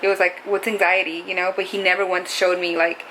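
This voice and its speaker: A woman's voice: fairly low pitch, little pitch movement, quick pace, fairly bright tone, poor audio. Young woman, casual confessional vlog, rambling, lots of "like", faint background noise. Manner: rambling, heavy use of "like". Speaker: vlogger. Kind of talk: casual confessional talk to camera.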